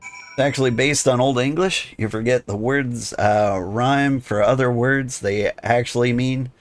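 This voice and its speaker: A man's voice: mid-range voice, measured pace. Joking man commenting on a game. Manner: joking, playful asides. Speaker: let's play gamer. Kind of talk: casual commentary while playing.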